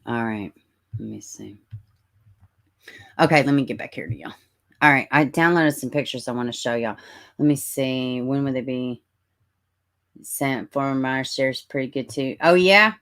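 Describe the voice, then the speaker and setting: Southern woman, low voice, chatty livestream host who calls viewers honey. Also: a little slow, pauses often, a bit bright. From Middle Tennessee, US. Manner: chatty, drawling, greets viewers as honey and baby. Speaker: true-crime livestream host. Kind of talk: casual livestream chat reading comments.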